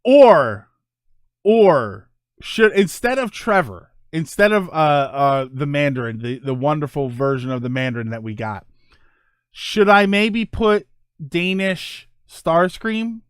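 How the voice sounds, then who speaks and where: A man's voice: on the high side, expressive, takes it slowly, smooth, dry recording, clean studio sound. A man in his forties hosting a casual livestream chat, rambling and enthusiastic, laughing often. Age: 40s. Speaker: streamer and host.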